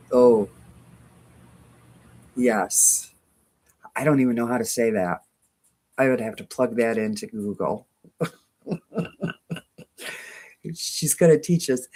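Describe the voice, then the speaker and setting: A woman's voice: very deep voice, darkish tone, slightly rough. A woman with a twangy voice hosting a quilting channel, chatting casually with viewers, self-mocking and laughing often. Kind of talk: casual live chat, reading viewer comments.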